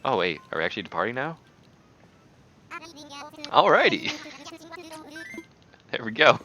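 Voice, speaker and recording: A man's voice: fairly low pitch, big pitch swings, very fast, bright, forceful tone. A man giving casual, chatty gameplay commentary, giggling and muttering little asides at the game, on a dull lo-fi recording. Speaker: gaming YouTuber.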